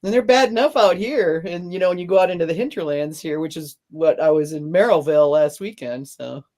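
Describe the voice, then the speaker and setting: A woman's voice: low-pitched, a little fast, warm tone. A woman hosting a casual podcast chat, rambling and laughing often as she tells stories. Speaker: podcast host.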